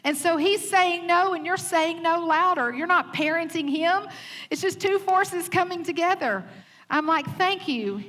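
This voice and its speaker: A woman's voice: very high voice, fairly even intonation, measured pace, a bit bright. A woman in her thirties with a Southern US accent, preaching a Mother's Day sermon with candid, humorous stories from her own life. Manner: candid and humorous, acts out quotes. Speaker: pastor's wife speaking at church.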